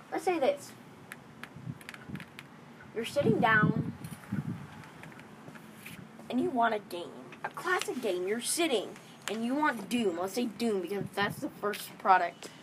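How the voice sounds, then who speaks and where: A teenage girl talks in a bossy, rambling way, stopping to correct herself as she goes. Her voice sits fairly high and swings around a lot. There is clear background noise behind her. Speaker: young vlogger pitching a game club. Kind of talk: rambling casual monologue.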